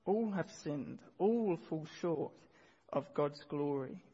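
Preacher, male, earnest, repeats key lines, slightly husky, long hall echo, muffled recording. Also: a little high, expressive, slow pace, dark tone. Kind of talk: sermon. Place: church hall. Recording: dull sound with long hall reverb.

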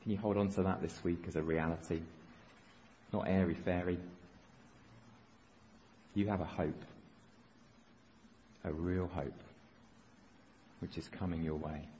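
A man's voice: low-pitched, steady tone, a little slow, pauses often, dark tone, a little hiss or hum. Male pastor, earnest exhortation, dull recording in an echoing church. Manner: earnest, exhorting with short repeated phrases. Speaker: preacher. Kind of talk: sermon. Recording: dull recording with long reverb in a church hall.

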